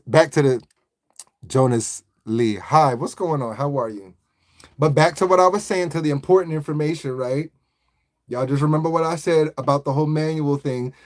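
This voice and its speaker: Man, high voice, casual livestream chat, slangy, rambling. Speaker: livestream host.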